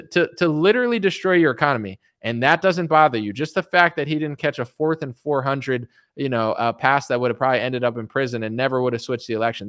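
A man's voice: mid-range voice, fairly bright tone, dry recording, studio quality. A young adult man giving a rambling, blunt, unscripted political rant, repeating himself and swearing for emphasis. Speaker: political commentator.

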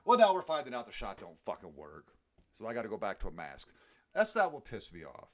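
A man's voice: fairly low pitch, sing-song, brisk. A middle-aged man with a New York accent, co-hosting a podcast in a heated, profane casual rant. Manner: heated, profane ranting with frequent swearing. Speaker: podcast co-host. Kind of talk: casual chat.

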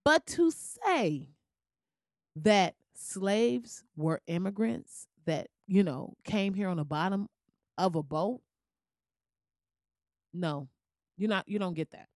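A woman's voice: mid-range voice, expressive, slow, pauses often, a little mellow, no echo, clean studio sound. Heated profane woman ranting. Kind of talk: profane rant.

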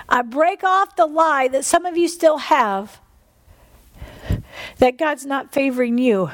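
A woman's voice: sits high, lively intonation, a little slow, long pauses. A woman preaching and praying fervently to a congregation, repeating phrases and exhaling between lines. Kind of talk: sermon with prayer. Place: church service with congregation.

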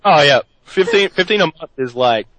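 A man's voice: fairly high pitch, animated, normal speed, a bit bright, dry recording, poor audio. A man hosting a podcast in casual chat, joking and rambling with his co-hosts. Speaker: podcast host.

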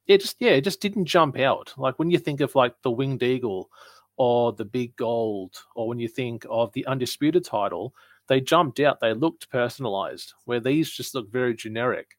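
A man's voice: medium pitch, normal speed, no echo. A man co-hosting a casual wrestling chat, talking things through in an analytical, explaining way. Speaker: podcast co-host.

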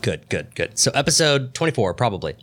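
Tipsy, loud podcast co-host man. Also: medium pitch, brisk. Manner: loud, excitable and swearing. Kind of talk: casual drinking banter.

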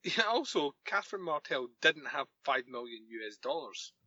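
Sharp-voiced wry man, dry lo-fi mic. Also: mid-range voice, big pitch swings, normal speed, dry recording. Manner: wry, picks holes in the plot, sarcastic asides. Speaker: podcast co-host. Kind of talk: casual chat recapping a TV episode.

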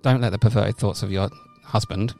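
A man, co-hosting a comedy podcast and rambling through a deadpan, absurd story, with sudden loud shouts now and then. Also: on the low side, moderate pace, gravelly, faint music behind. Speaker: podcast co-host. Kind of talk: casual comedic podcast banter.

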